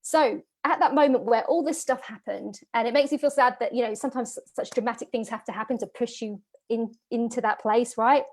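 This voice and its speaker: A woman's voice: fairly high pitch, fairly quick, few pauses. A woman, telling a personal story to an audience as a business coach, emotional and full of fillers and repeats. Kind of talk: personal story in a masterclass talk.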